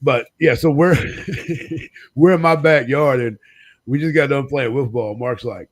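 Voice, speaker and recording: A man's voice: medium pitch, measured pace. A man telling crude, profane childhood stories on a live talk stream, acting out the people in them. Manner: profane, animated storyteller, voicing friends and his dad. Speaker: co-host.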